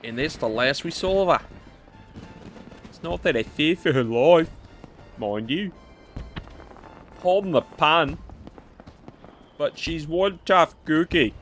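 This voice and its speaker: A man's voice: on the high side, animated, slow, pauses often, fairly bright tone, pitched above the performer's own voice. A fussy, theatrical festival helper played by a man reading game lines talks in a raised voice that swoops up and down. A loose put-on accent comes and goes, with "mate" tacked on. Faint game music hums behind. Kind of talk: reading game dialogue aloud in character.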